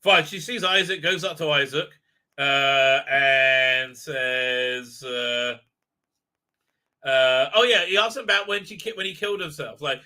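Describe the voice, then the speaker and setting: Bright-voiced sarcastic man hosting a stream. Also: sits high, animated, unhurried. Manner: rambling, sarcastic, many fillers; mocking put-on voices when quoting. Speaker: show host. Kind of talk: live commentary stream.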